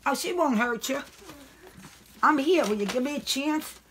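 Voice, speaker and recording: A woman's voice: high voice, animated, unhurried, fairly bright tone, slight background noise. A woman in her own home, chatting casually in a rambling, salty-tongued way while handing over her pets. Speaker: dog owner giving up her pets. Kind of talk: casual chat.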